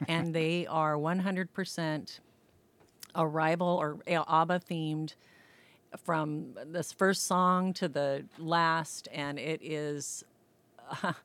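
A woman's voice: low-pitched, steady tone, slow pace, a bit bright, no room sound. A woman guest on a radio show, enthusiastically describing festival entertainment. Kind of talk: casual interview chat.

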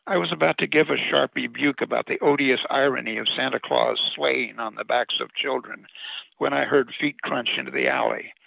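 A man's voice: medium pitch, normal speed, gravelly, no room sound, muffled recording. A man reading a short story he wrote, with wry, sardonic narration, as a radio commentator. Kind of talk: reading his own short story aloud.

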